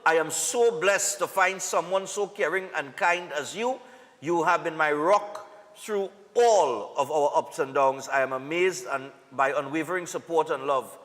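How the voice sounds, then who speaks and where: A man's voice: a little high, a little slow, a bit bright, big-room sound. A Trinidadian man hosting a live morning TV show, reading birthday and anniversary greetings in a casual, upbeat way with local slang. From Trinidad and Tobago.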